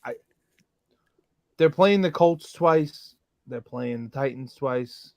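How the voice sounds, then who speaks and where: A man co-hosting a podcast, chatting casually about football and making confident, animated predictions. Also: mid-range voice, slow pace, dry recording. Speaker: podcast co-host. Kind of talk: casual sports chat.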